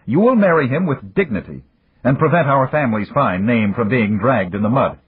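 A man with a very husky voice playing a cold, domineering older father in an audiobook, stern and commanding. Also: on the low side, big pitch swings, moderate pace, heavily acted. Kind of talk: audiobook character voice. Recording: dry, tinny phone-like audio.

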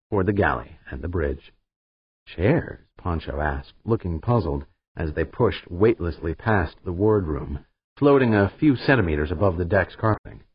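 Low, husky male audiobook narrator. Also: no room sound. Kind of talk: scripted narration. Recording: slightly dull, dry recording.

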